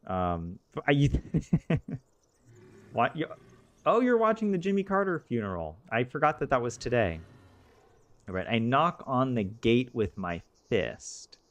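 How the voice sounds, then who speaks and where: A man's voice: fairly low pitch, sing-song, a little slow, dry recording. A man casually playing a text game, reading its narration aloud and joking about the text as he goes. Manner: joking, chatty, questions the text as he reads. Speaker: gaming video host.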